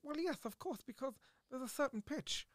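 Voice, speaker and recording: An Irish man hosting a casual chat, an animated storyteller who swears casually. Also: very high-pitched, moderate pace, no room sound, studio quality. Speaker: podcast host and impressionist.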